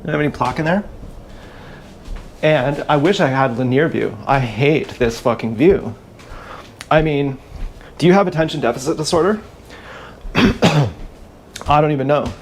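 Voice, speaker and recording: A man with a slightly high voice rambles crudely through a livestream, stopping often to clear his throat. He talks into an action camera, with a faint hiss behind him. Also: lively intonation, moderate pace, pauses often.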